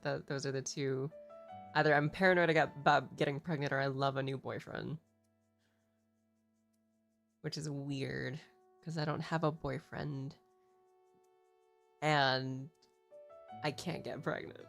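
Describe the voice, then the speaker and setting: A woman's voice: very deep voice, vocal fry. A woman streamer chatting casually, rambling through a story, swearing freely and laughing often. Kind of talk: casual chat.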